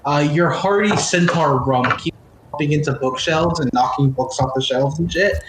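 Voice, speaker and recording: A man's voice: a little high, normal speed. A young man narrating as game master, rambling and full of fillers. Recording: echoey room with noise.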